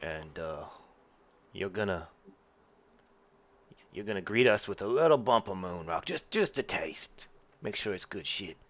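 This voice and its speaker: Casting note: a man putting on a low, shady gangster-type lackey, pushy, on a muffled voice chat. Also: lively intonation, unhurried, pauses often. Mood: scheming. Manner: pushy, casual slang, nervous about his boss. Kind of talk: voice-chat role-play.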